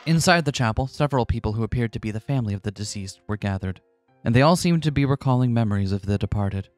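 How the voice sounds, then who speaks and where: A man's voice: medium pitch, lively intonation, fast, a little mellow, no echo, soft background music. A man reading a visual novel aloud with friends, switching between narration and character voices, laughing between lines. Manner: reads narration then breaks into jokes and laughter. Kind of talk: casual dramatic read-through with character voices.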